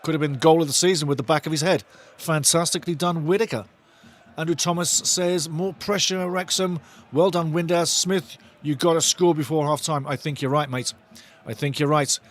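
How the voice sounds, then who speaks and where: A man giving excitable, chatty live football commentary as host of a fan watch-along. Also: a little high, normal speed.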